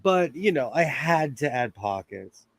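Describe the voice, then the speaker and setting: A man's voice: medium pitch, very animated, a little slow, breathy edge, no room sound. A young adult man chatting casually on a livestream from his home sewing room, rambling through asides and laughing often. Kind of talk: casual live-stream chat. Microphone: phone close by.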